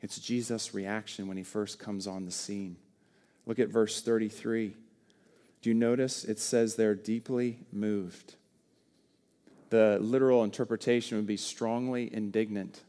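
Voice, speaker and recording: A man preaching a sermon, earnest and shifting between loud and soft for emphasis. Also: lowish voice, steady tone, measured pace. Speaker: pastor.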